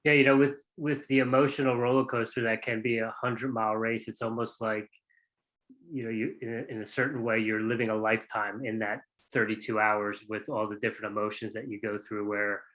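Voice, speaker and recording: A man co-hosting a podcast, talking in a relaxed, reflective way. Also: lowish voice, fairly quick. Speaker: podcast co-host. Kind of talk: casual interview chat.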